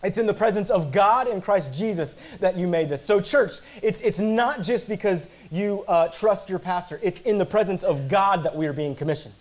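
A man's voice: high voice, normal speed, few pauses. A male pastor preaching an earnest sermon, emphatic, repeating words and slipping in casual asides.

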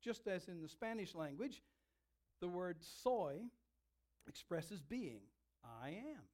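A man preaching a sermon, telling a scene with dramatic, emphatic delivery and slowed, stressed words. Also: sits high, very animated, darkish tone.

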